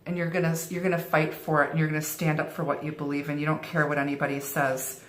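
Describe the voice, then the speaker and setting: A woman's voice: deep voice, level tone, fast talker, slight background noise. A middle-aged woman giving a tarot reading in a reassuring way, often repeating and restarting her phrases. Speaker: tarot reader. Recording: roomy echo.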